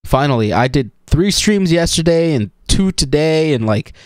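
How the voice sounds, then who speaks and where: An excitable man chats his way through a video game stream, joking and laughing with his viewers. His voice sits a little high, recorded dry and close. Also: normal speed, no echo. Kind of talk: let's play commentary.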